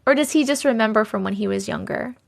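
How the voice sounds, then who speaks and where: A woman's voice: on the high side, quick pace, gravelly. A woman hosting a livestream, chatting casually and reading viewer stories aloud, chatty and effusive as she reacts to the chat.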